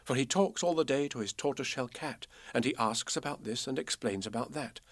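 A man reads children's poems and a storybook aloud in a measured, expressive way. His voice sits in a middle register. The recording is very dry and close, with no room sound. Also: mid-range voice, no echo. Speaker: narrator. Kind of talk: storybook and children's verse reading.

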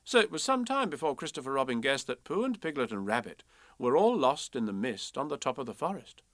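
A man reading a children's storybook aloud in a playful, expressive way. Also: medium pitch, fairly quick, no room sound, studio quality.

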